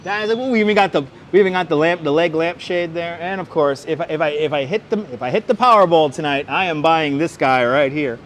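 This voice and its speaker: Through a wireless clip-on mic, a city walking guide streams live from busy streets, speaking a little fast in a fairly high, slightly bright voice with few pauses. He chats with viewers by name and tells street history as faint traffic hums behind him.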